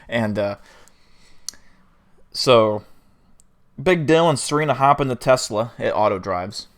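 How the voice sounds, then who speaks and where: A man's voice: mid-range voice, animated, slow, long pauses. A man hosting a livestream, telling an improvised story in a casual, rambling way with fillers and swearing. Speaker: livestream host.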